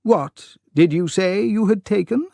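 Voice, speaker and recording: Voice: medium pitch, a little slow, vocal fry, dark tone, no room sound, voice pushed up. Narrator voicing a flustered elderly lord. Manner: sputtering, indignant questions. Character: flustered elderly male aristocrat, easily troubled. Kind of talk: audiobook character reading.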